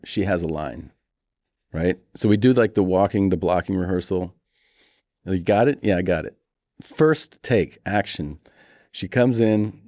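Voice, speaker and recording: A man's voice: low-pitched, no room sound. A man in his forties telling funny family stories as a podcast guest, acting out quoted voices as he goes. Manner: animated storyteller, acts out quoted voices. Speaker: comedian guest. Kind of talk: casual storytelling interview.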